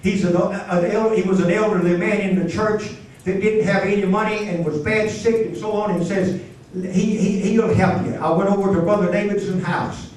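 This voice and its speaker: An older man preaches in a folksy, heartfelt way, often restarting his sentences as he tells a personal story. His voice sits fairly high for a man. He is picked up from a distance in a very echoey church with a faint hum of ambience. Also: steady tone, moderate pace, darkish tone. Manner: folksy, stammering restarts, emotional testimony. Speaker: pastor. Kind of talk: storytelling sermon. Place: church sanctuary.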